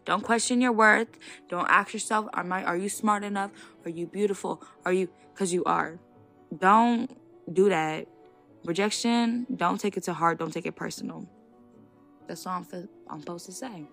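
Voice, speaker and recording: A young woman hosts a casual solo podcast, speaking her mind in an animated, outspoken way. Her voice sits on the low side and has a gravelly, fried texture. Faint music plays behind her. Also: moderate pace. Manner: animated, outspoken, laughs between points. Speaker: podcast host.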